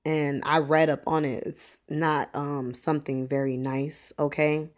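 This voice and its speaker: A woman telling a personal story in a halting, rambling way, full of ums. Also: low voice, level tone. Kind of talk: casual spoken testimony.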